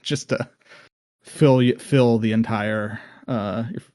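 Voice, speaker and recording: A man's voice: mid-range voice, fairly even intonation, slow pace, a little mellow, dry recording, clean studio sound. A man hosting a podcast, talking in a loose, rambling way with many ums. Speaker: podcast host. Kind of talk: casual podcast chat.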